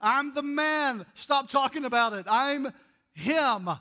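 A man's voice: very high-pitched, slow pace, sharp tone, pitched above the performer's own voice, exaggerated voice. A man voicing an exasperated, formerly blind man who keeps insisting it is really him, in an emphatic way, during a sermon.

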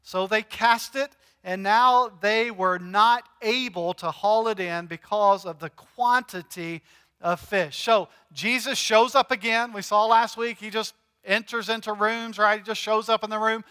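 A man's voice: high-pitched, steady tone, a little slow, pushed and bright, smooth. A male pastor preaching a sermon in a conversational, joking way, asking his congregation questions. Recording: long hall reverb.

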